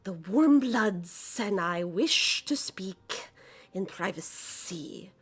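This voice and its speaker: A woman voicing a wary cold-blooded reptilian woman who speaks slowly and formally in a tabletop game. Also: medium pitch, lively intonation, husky, heavily acted. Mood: tense. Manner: slow, halting, formal speech.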